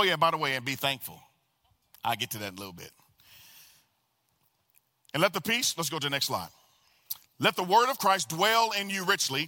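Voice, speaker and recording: A man preaching a sermon as pastor, animated and calling out to the congregation for responses. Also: a little high. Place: church sanctuary. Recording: long reverb of a large hall.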